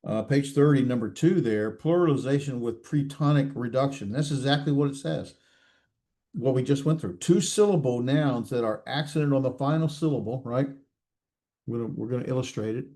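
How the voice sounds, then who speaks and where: A man teaching a recorded class, explaining slowly with many fillers and restarts and checking in with his students. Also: medium pitch, dark tone. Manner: checks in with students, self-correcting. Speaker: instructor.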